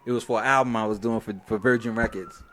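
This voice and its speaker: Speaking at a quick pace in a lowish voice, a record producer from New York animatedly recounts studio stories during a casual interview. He swears freely and performs the voices of the people he quotes.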